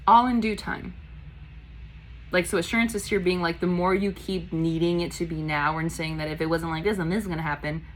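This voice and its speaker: A woman doing a casual tarot reading, chatty and blunt, swearing casually and acting out quick voices in her asides. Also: fairly low pitch, steady tone, slight background noise, low-quality recording. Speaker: tarot reader.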